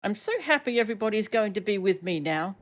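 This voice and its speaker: A woman voicing a sweet, shy young girl in a game, soft and apologetic. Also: medium pitch, expressive, fast, a little hiss or hum, voice pushed up, close to an everyday voice.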